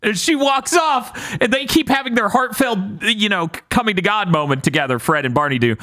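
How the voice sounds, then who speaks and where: A man's voice: high-pitched, expressive, fairly quick, sharp tone. A man co-hosting a casual movie recap, giggling often and acting out lines from the film. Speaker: podcast co-host.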